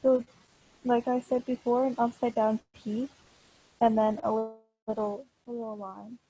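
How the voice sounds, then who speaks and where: A woman's voice: on the high side, level tone, measured pace, dark tone, slightly rough, no room sound, highs cut off. A woman teaching a language class online over a video call, patient and encouraging, with many fillers. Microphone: computer mic on a video call.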